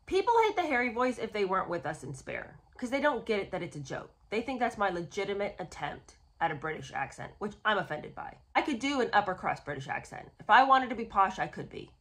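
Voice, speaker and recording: A woman hosts a casual book review show in a bright, forceful voice. Her pitch swings widely as she talks. She is sarcastic and exasperated in her asides. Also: very animated, brisk, hardly any pauses. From United States. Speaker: host.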